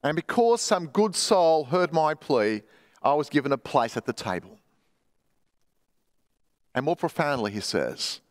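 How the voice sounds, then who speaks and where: Man, pastor, high pitched voice, emphatic sermon delivery, long church reverb. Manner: emphatic preaching, reads quoted stories aloud. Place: church hall.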